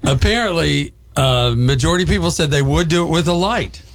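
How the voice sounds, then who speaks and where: A man's voice: on the high side, fairly quick. A man co-hosting a morning radio show, laughing through playful banter as he reads out poll results. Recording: loud noise over radio broadcast.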